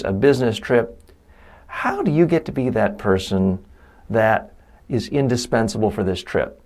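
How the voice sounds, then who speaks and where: Animated middle-aged man teaching a course. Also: mid-range voice. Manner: animated, emphatic teaching with quoted asides. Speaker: course instructor. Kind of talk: recorded lecture.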